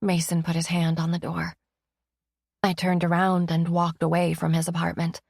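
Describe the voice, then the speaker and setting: A woman's voice: on the low side, monotone, normal speed, vocal fry, darkish tone, dry recording, clean studio sound. A woman narrating a first-person romance audiobook in an emotive, intimate reading.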